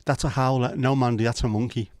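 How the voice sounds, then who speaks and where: Guy hosting a chill pub-style livestream, mid-pitched voice, teasing jokey banter, dead dry sound. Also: fairly even intonation, quick pace, darkish tone, no echo. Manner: joking, teasing banter with viewers. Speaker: livestream host. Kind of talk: casual livestream chat.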